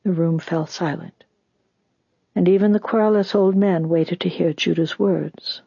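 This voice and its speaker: An audiobook narrator reads a story with even, deliberate pacing. The voice is husky and breathy. The recording is dry and slightly dull. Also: medium pitch, dry recording.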